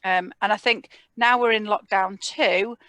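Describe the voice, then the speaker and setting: A woman opens a community support video meeting in a relaxed, informal way. She pauses often as she thinks. The sound is dry and close, picked up by a computer mic. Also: medium pitch, no room sound. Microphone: computer mic on a video call.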